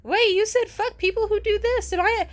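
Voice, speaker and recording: A woman putting on a shrill ditzy young girl, whiny, flustered, mocking impression. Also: fairly even intonation, moderate pace.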